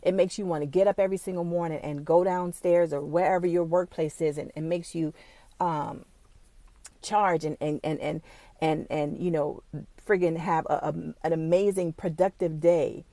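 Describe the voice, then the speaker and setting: A woman's voice: fairly low pitch, fairly even intonation, normal speed, dark tone, no room sound. A woman who runs her own small business, talking straight to camera in a casual, motivational way, blunt and swearing freely, at times close to tears. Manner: emotional, fighting back tears.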